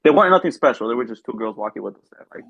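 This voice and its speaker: A man's voice: medium pitch, expressive, very fast, creaky, a bit bright, slightly rough, no echo. A young man, a podcast co-host, telling a rambling, filler-heavy story in casual chat. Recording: dull lo-fi sound.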